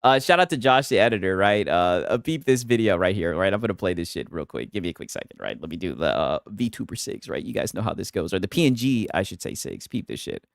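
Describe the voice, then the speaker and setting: Animated, mocking male streamer. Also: sits low, vocal fry, no echo, studio quality. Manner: mocking, laughing, drawn-out asides. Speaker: streamer reacting to clips. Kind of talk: casual reaction commentary.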